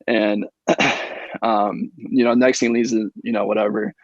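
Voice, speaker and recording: A young man from Indiana, a guest on a podcast, telling a long story in a relaxed, rambling way full of ums. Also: mid-range voice, a little slow, vocal fry, dry recording, muffled recording. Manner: relaxed, filler-heavy storytelling with many ums. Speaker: guest, professional baseball pitcher.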